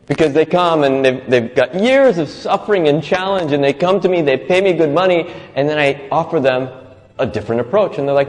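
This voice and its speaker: A man's voice: fairly high pitch, animated, a little fast. Reflective motivational speaker man, hall echo. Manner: reflective, storytelling, acts out quoted voices with laughs. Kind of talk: inspirational talk.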